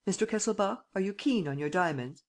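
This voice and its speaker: A woman reading an audiobook, voicing a suave, teasing male gentleman thief who gives brisk commands. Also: medium pitch, animated, voice pushed up, natural voice.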